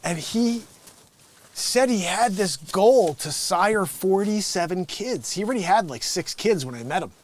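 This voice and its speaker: Joking guy on a livestream, kinda high voice, riffing on bible stuff. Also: unhurried. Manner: animated, joking, laughs often. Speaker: livestream host. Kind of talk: casual livestream Bible commentary.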